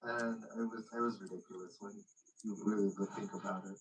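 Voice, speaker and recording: A man's voice: on the low side, fairly even intonation, brisk. A man joining a live stream chat, meandering and trailing off when he loses his point. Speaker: stream guest. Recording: voice from far off the mic.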